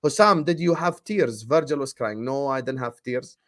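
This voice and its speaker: A man co-hosting a football fan livestream, reading super chats with slangy, animated banter. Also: mid-range voice, normal speed. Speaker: football show co-host.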